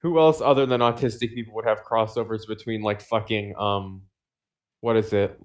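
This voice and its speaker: A man's voice: on the low side, steady tone, normal speed. A man co-hosting a casual podcast, rambling with lots of fillers and swearing, laughing often. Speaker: podcast co-host.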